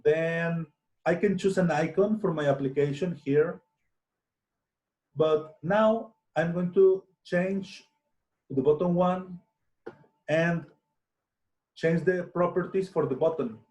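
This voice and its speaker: Slow, hesitant man teaching. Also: a little high, a little mellow. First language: Spanish. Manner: slow, hesitant, many restarts and fillers. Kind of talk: software tutorial screencast.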